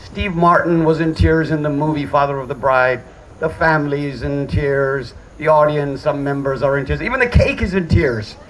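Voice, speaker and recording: A man's voice: a little high, normal speed, slight background noise, rough recording. A middle-aged man giving a father of the bride speech at a hotel wedding reception, joking and poking fun at himself. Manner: joking, self-deprecating.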